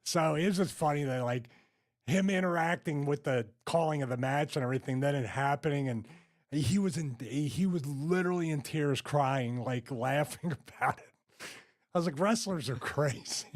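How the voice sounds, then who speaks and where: A man recounts a backstage story in a relaxed, chatty way. His voice sits a little high for a man, and he keeps breaking into laughter as he tells it. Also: normal speed. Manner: laughing, animated anecdote telling. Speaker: retired wrestler guest. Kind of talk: casual storytelling.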